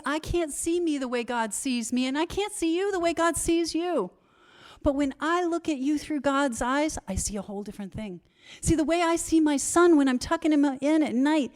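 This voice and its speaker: A woman's voice: high voice, darkish tone. A middle-aged woman speaking candidly to an audience at a recovery conference, self-deprecating and building to emphatic repetition.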